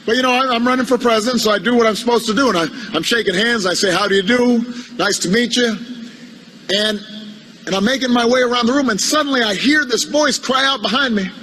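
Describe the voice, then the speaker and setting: High bright-voiced man on the campaign trail telling a funny story, lots of and-and restarts, wry. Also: poor audio. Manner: halting, repeats words, wry storytelling. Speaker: politician giving a speech. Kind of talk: humorous anecdote in a speech.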